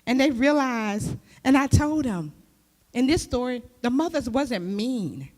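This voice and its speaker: A woman's voice: fairly high pitch, unhurried. Woman preaching with rhetorical questions. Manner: lively, with rhetorical questions to the audience. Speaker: church speaker and youth teacher. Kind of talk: conversational sermon. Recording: long hall reverb.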